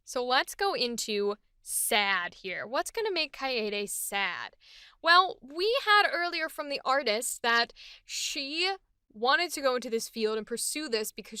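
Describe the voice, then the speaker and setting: Bright, chatty woman voice actress. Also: a little high, smooth, dry recording, studio quality. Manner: enthusiastic, chatty. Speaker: voice actress hosting a character series. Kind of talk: casual chat.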